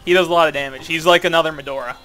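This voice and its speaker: A man with a bright, fairly high voice talks through a co-op game session, rambling and joking with plenty of fillers. Soft game music plays behind him. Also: steady tone, very fast. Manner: rambling, playful, lots of "like". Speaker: co-op gameplay commentator. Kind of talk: casual gaming chat.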